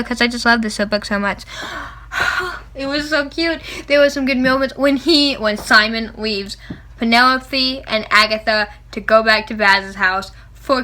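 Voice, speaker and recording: Excitable high-voiced young woman gushing. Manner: excitable, gasping and laughing, frequent "like". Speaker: book vlogger. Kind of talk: gushing book review vlog.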